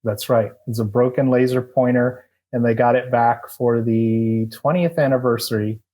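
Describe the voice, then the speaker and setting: A middle-aged man talks through his memories as an interview guest, circling back with fillers and false starts. His voice sits at an ordinary middle pitch, and his delivery is loose and conversational. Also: fairly even intonation, normal speed, dark tone. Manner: rambling, many restarts and fillers. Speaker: guest, former eBay employee. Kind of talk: casual interview storytelling.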